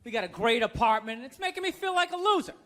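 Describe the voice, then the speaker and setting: A man's voice: very high-pitched, big pitch swings, quick pace. A man from the United States doing a stand-up routine, sarcastic and profane, with mock glee at others' bad luck. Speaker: stand-up comedian. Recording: live set, loud crowd noise.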